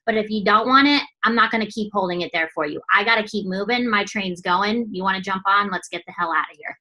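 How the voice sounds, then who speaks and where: Her pitch is medium as this young coach rallies the team with blunt, animated encouragement. Profanity comes often, along with fast impersonations of others.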